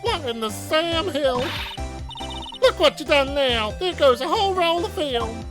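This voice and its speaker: A brash, feisty Southern country gal with a thick drawl, loud and folksy as she scolds. Her voice rises high and swings widely. Video game music plays underneath. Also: animated, measured pace. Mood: scolding. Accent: Southern US drawl, put on. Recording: game music playing behind.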